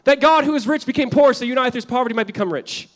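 Delivering a sermon in a fairly high male voice, this pastor talks casually with lots of fillers and asides, hammering points home loudly before dropping to a hush. He stays animated and conversational throughout, speaking rapid-fire.

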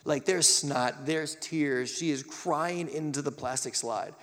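A man preaching a live sermon, animated and acting out the quotes and stories he tells. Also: a little high, slow pace, in a large hall.

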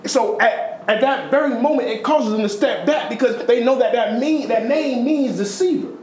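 A man preaching a sermon, retelling a story in a conversational way with sudden high, emphatic stretches and low, quiet ones. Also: normal speed, echoey room, slight background noise, low-quality recording.

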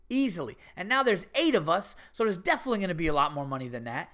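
A man telling a story on his podcast in a loose, conversational way. He curses freely, and his voice swings up into sharp, indignant outbursts before dropping back to an easy, chatty tone. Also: fairly high pitch, fast talker, few pauses. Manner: animated, swearing, rising to indignant bursts. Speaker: podcast host. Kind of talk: casual storytelling monologue.

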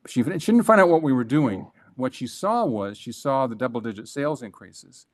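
With a mid-range voice, a male guest talks through a business story, drawing on his past as a franchise executive. He is forceful and energetic, and his sentences often restart quickly.

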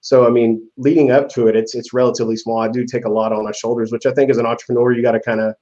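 A laid-back man guesting on a podcast who talks quickly and laughs often between his thoughts. His voice comes through a dull, lo-fi line. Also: medium pitch, little pitch movement, dark tone. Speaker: event promoter guest. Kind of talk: casual interview chat.

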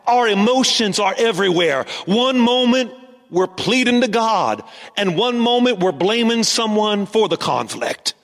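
Male pastor, high voice, sermon with call-and-response, lines repeated, long church reverb. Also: animated, a little slow, gravelly, fairly bright tone. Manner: preaching, call-and-response with congregation; repeats lines for emphasis, sometimes sings phrases.

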